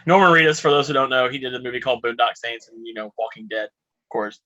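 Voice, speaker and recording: A man's voice: mid-range voice, steady tone, fast, bright, forceful tone, highs cut off. A man co-hosting a podcast, joking and teasing his friends in casual chat. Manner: joking, teasing, says "dude" often. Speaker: podcast co-host.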